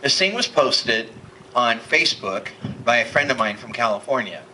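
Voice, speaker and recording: A man's voice: mid-range voice, animated, moderate pace, bright, forceful tone, a little hiss or hum, rough recording. A man preaching a sermon in a church, impassioned and building to emphatic peaks. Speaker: pastor. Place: church hall.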